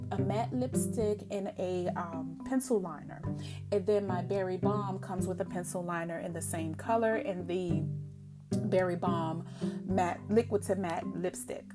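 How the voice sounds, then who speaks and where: An excited woman talks in a loose, chatty way, full of fillers. Her pitch sits in a middle range. Guitar music plays clearly behind her. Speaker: podcast host. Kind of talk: casual chat.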